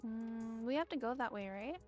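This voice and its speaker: Playful woman streamer, higher voice. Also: moderate pace, loud music behind the voice. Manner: chatty, playful, mock-defensive. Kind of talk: casual gaming chat with friends.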